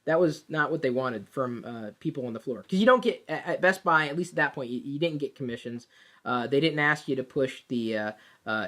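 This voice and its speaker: A woman telling a personal work story in a casual, animated way, with plenty of fillers and restarts. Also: deep voice. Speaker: vlogger.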